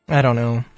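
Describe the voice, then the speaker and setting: A man's voice: high-pitched, no echo. A man ranting casually about a game, frustrated and rambling, with many fillers, sighs and short laughs. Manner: laughs between phrases. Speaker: gaming commentator. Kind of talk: casual rant to camera.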